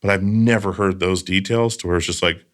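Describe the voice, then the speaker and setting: In a casual podcast chat, the male host speaks with a lowish, fairly even voice at a slightly fast clip. He tells stories earnestly and wanders off into loose asides, captured on a close studio mic.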